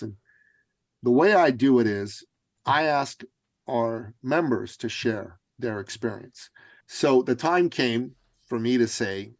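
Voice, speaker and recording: A man telling a story as a guest in a podcast interview, in an animated, dramatic way. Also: mid-range voice, no room sound, poor audio. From Canada. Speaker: guest, business coach.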